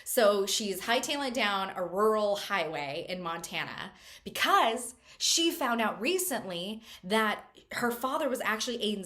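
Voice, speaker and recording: A woman's voice: mid-range voice, fairly bright tone. A woman hosting a casual book chat, recapping a novel in a chatty way with lots of fillers and wry asides. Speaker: book reviewer host.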